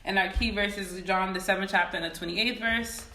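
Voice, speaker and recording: A woman leading a livestreamed Sunday school lesson on her phone, greeting viewers by name and reading each question slowly, then repeating it. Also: medium pitch, fairly even intonation, sharp tone, reverberant. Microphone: phone camera.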